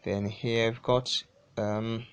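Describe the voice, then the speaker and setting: Male English teacher, low voice, very slow drilling delivery, repeats every word. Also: flat delivery, smooth. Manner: slow, repeats each word several times. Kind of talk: pronunciation lesson.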